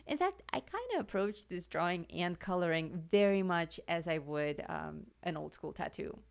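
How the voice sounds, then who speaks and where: A woman's voice: lowish voice, expressive, moderate pace, gravelly. A woman hosting a live coloring stream, chatting casually with viewers, laughing often and greeting people in the chat.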